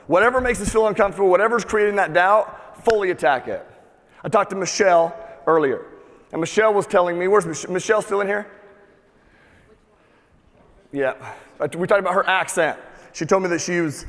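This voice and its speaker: A man with a fairly high voice delivers a live motivational talk in a big hall, and long reverb trails each phrase. He talks with energy and swears freely. He has the crowd repeat key words back to him. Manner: energetic, profane, calls for audience repeats. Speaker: motivational speaker.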